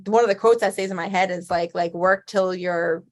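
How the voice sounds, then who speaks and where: A chatty woman in her thirties is talking as a guest in a relaxed interview. She tells her stories loosely, peppers them with "like", and laughs easily as she goes. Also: medium pitch, fast talker. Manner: chatty, laughs often, lots of "like". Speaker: guest athlete. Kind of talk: casual interview chat.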